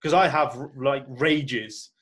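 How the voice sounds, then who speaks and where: A man's voice: medium pitch, slow, a bit bright. A young man telling a story in casual chat, laddish, filling his talk with "like" and heavy swearing. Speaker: podcast guest.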